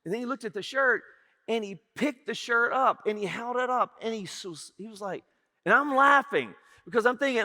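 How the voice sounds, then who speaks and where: Lively pastor telling a funny story. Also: male voice, very high voice, normal speed. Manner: humorous, animated storytelling. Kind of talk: sermon with personal storytelling. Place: church sanctuary. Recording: reverberant church hall.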